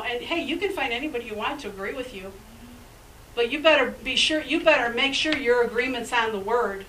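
A woman's voice: sits high, quick pace, bright, forceful tone, recorded from a distance, slight background noise, low-quality recording. A woman pastor preaching a sermon in an emphatic, conversational way, with chatty asides.

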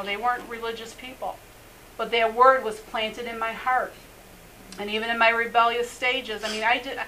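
A middle-aged woman rabbi recounts her testimony in an earnest, chatty way, laughing often and filling gaps with "you know". Her voice sits a bit high and rings bright and forceful. A faint hiss lingers in the background. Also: rough recording. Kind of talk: personal testimony in a faith interview.

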